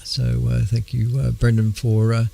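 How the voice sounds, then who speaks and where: Gravelly Australian man hosting an astronomy show. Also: medium pitch, completely flat delivery, warm tone, no echo. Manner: halting, with many fillers, clears throat often. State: losing his voice. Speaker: radio show host. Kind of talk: casual astronomy news talk.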